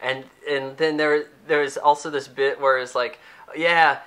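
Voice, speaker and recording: A man's voice: medium pitch, little pitch movement, normal speed, a bit bright, clear, resonant tone. A young man giving a casual, sarcastic, rambling movie review, acting out the characters' lines as he goes.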